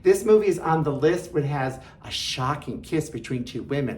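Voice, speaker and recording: Host: a woman with a slightly low voice, enthusiastic and chatty as she pitches films. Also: animated, moderate pace, few pauses, darkish tone, slight background noise. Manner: enthusiastic, chatty, jokey asides. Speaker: film reviewer host. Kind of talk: casual film recommendations.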